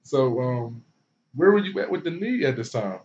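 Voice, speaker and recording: A man hosting a casual interview, asking questions in a relaxed, conversational way. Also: mid-range voice, normal speed. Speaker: podcast host. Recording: dull sound with faint noise.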